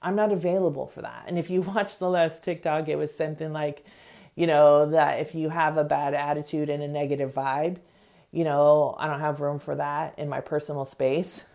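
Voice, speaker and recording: Woman, self-help podcast host, earnest motivational talk, low voice, slight vocal fry. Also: little pitch movement, dark tone. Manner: earnest, acts out quick examples in voices.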